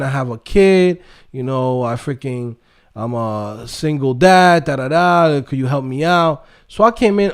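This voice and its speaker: A man hosting a coding livestream, ranting in a profane, animated way and mimicking people in quick mocking voices. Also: a little high. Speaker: livestream host and coding instructor. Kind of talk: profane casual livestream rant.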